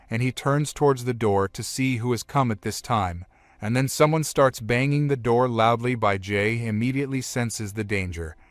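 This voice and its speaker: A man's voice: mid-range voice, no room sound. A man narrating a comic story recap, retelling plainly in the present tense.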